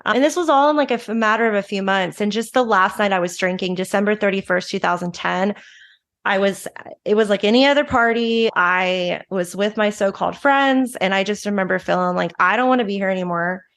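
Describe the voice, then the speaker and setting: A woman's voice: mid-range voice, a bit bright. Frank woman telling her recovery story. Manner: frank, emotional, fast bursts with restarts. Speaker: guest, recovery advocate. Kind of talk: candid personal storytelling.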